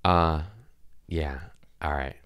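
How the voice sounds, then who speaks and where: A man's voice: a bass voice, fairly even intonation, very slow, fairly bright tone, clean tone. A man hosting a podcast, telling rambling stories in a laid-back way, with swearing. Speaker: podcast host, comedian. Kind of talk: casual storytelling chat.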